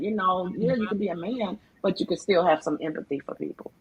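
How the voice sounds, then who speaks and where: A woman's voice: fairly low pitch, quick pace. A woman guest speaking earnestly in a casual online conversation. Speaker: guest, book co-author. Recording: dull lo-fi online call.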